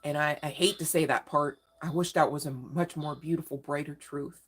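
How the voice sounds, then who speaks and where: A woman's voice: low voice, fairly even intonation, moderate pace, husky. A woman giving a casual live tarot reading, slangy and emphatic, talking straight to her viewers. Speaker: tarot reader. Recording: faint music in background.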